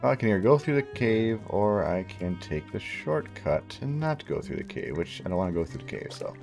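A man's voice: lowish voice, lively intonation, normal speed, gravelly, over music. A man giving wry, casual commentary while playing through a video game. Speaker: game streamer. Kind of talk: casual let's-play commentary.

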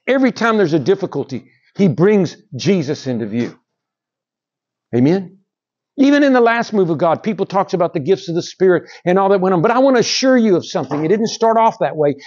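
A middle-aged man preaching a sermon in a church, with animated rises and drops and calls to the congregation. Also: high-pitched. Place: church sanctuary. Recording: dull lo-fi sound.

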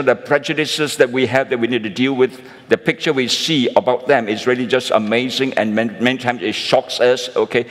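A man preaching a sermon as pastor, calling his listeners friends and closing points with tag questions. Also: mid-range voice. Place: church sanctuary. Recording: long reverb of a large church hall.

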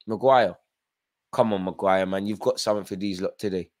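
A man's voice: deep voice, a little fast, a little mellow. A tired man hosting a live football watchalong, chatting through play-by-play with fan reactions. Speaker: watchalong host.

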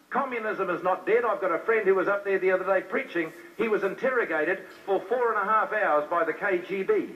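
Fervent high-voiced preacher, distant lo-fi recording. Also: male voice. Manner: fervent, talks straight to the crowd with rhetorical questions. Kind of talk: fiery sermon.

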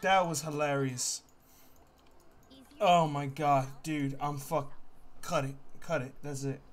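A man's voice: on the high side, steady tone, slow. A male streamer in casual live-stream chat, breathless and laughing hard between his words. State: laughing to tears.

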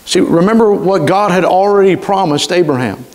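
A man pastor, preaching a sermon with emphatic delivery and slowly stretched key words. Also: sits high, expressive, a little mellow. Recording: reverberant church hall.

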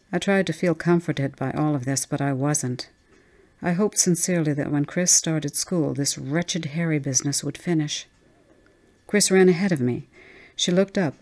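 A woman reading a ghost story aloud as an audiobook narrator, measured and tense. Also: deep voice, a little mellow.

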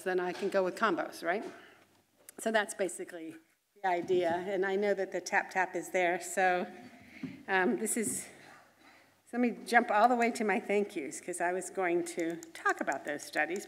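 A middle-aged woman, a physician and researcher, giving a brisk, chatty conference lecture full of asides. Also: fairly low pitch. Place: large conference hall. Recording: reverberant lecture hall.

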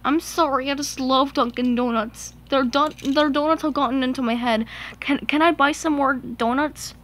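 A woman voicing an excitable, giddy male engine in a homemade toy play. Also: high-pitched, moderate pace.

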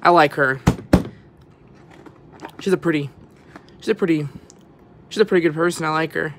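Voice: medium pitch, moderate pace, noisy background. A young vlogger giving rambling, stammering walkthrough commentary who often drops to a whisper. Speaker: vlogger touring an exhibit.

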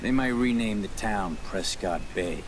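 A man plays a weathered old fisherman in a video game, gloomy yet hearty, full of salty seafaring sayings. His voice sits rather low. The game audio carries a steady noisy hiss. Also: unhurried, close to an everyday voice. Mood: grumbling. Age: older. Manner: old-timey seafaring turns of phrase.

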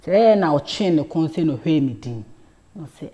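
Female guest storyteller, deep and warm, animated. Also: brisk, a little hiss or hum. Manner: animated storyteller, drops to a hush for quoted lines. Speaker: talk show guest. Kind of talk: storytelling in a talk show interview.

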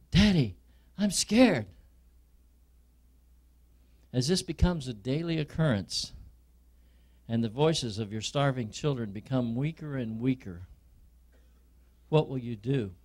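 A male preacher giving a sermon, telling a dramatic story to his listeners in a slow, deliberate way. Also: mid-range voice, expressive, warm tone.

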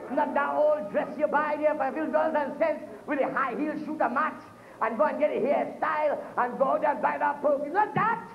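A man's voice: very high voice, a little fast, creaky, faint music behind. A man preaching a sermon in a church, fervent and full of amens. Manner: fervent, punctuated with frequent amens. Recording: echoey, tinny phone-like room recording.

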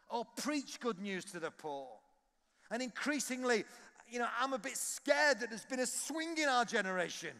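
Guy preaching hard, fairly high voice, big echoey hall. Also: expressive, normal speed. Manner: passionate, rising to loud exhortation. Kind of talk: sermon. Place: large conference hall. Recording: long hall reverb.

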